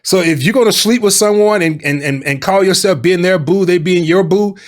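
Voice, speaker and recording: A man giving dating advice in a lively, colloquial, preaching style, acting out little quoted exchanges and calling listeners baby and boo. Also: high voice, a little fast. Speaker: life and love coach.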